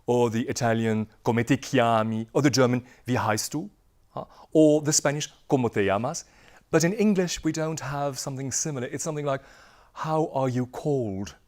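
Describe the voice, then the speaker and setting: A man teaching a lively language crash course, playful and laughing often, repeating words for the class to echo. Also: medium pitch, brisk. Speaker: Dutch language instructor.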